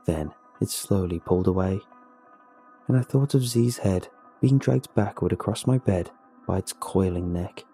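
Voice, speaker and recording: A man narrating a scripted horror story in a measured, somber way. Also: low voice, dark tone, breathy edge, faint music behind.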